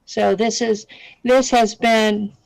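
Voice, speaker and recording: Slow-talking woman radio host. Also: on the high side, steady tone, creaky, darkish tone, no room sound, poor audio. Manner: earnest, halting with restarts. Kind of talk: online radio call-in talk.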